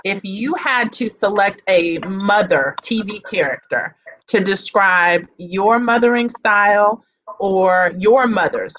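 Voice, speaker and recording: A woman's voice: medium pitch, fairly bright tone, poor audio. A woman hosting a casual panel chat, encouraging and asking her guests questions. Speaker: host.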